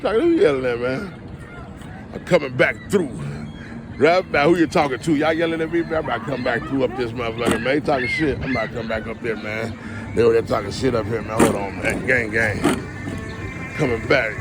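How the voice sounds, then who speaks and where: A man filming a casual comedy vlog outdoors on a city street, joking loudly, swearing and laughing as he talks. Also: medium pitch, fairly quick. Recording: noisy street recording.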